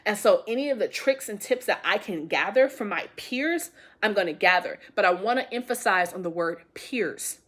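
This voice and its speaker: A woman reads tarot for her viewers in a mid-pitched voice. She talks casually and emphatically, circling back to repeat her points. She speaks straight to the audience with affectionate, encouraging warmth. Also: expressive, moderate pace, hardly any pauses. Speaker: tarot reader. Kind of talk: intuitive tarot reading to camera.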